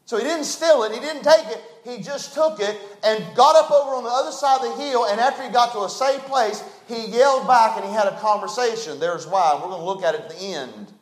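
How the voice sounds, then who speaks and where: Preacher guy, folksy, goes loud then quiet, pretty high voice, echoey church. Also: fairly quick, hardly any pauses. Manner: folksy, emphatic, swings between loud and hushed. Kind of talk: sermon.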